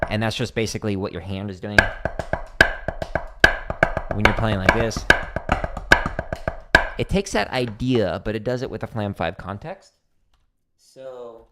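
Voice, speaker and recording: A man's voice: fairly low pitch, takes it slowly, pauses often, over music. A middle-aged man hosting a drum practice livestream, chatty and explaining exercises step by step with casual fillers.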